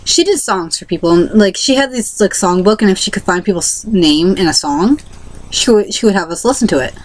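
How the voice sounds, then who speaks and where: A woman's voice: medium pitch, expressive, a little fast, rough recording. A young woman vlogger telling a personal story casually to camera, rambling with many fillers and restarts.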